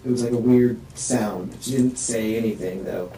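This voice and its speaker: A distressed man in a police interview room rambles through a halting statement, full of restarts, his voice rising and strained. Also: lowish voice, mellow. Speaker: suspect being questioned. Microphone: distant room microphone. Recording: echoey room, distant mic, faint hiss.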